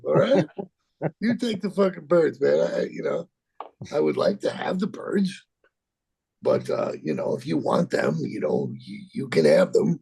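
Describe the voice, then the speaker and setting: A gravelly, husky man in his sixties, recounting a story in an interview. His speech rambles and stumbles, with plenty of cursing and restarts, and his pitch swings widely from low growls to sudden high notes. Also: big pitch swings, darkish tone. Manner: rambling, profane, halting with repeats and laughs. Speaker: actor telling a story.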